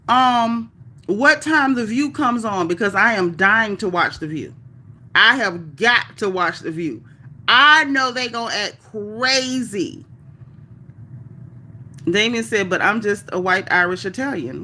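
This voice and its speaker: Woman, livestream host, casual chat, bright voice, animated, folksy. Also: medium pitch, a little slow.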